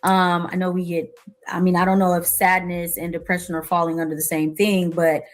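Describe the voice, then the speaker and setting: A woman's voice: fairly low pitch, flat delivery, a little fast. A woman on a podcast panel answering a question hesitantly, with ums. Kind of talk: casual chat.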